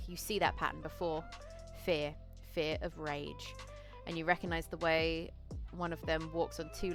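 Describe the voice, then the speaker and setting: Low-voiced woman narrating a tabletop game. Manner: casual, second-person storytelling with self-corrections and laughs.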